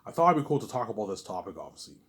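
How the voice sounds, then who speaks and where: A man's voice: lowish voice, sing-song, rapid-fire, a bit bright. A young man rambling to camera in a monologue, stammering and repeating himself, trailing off on a mumbled "obviously.". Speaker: vlogger.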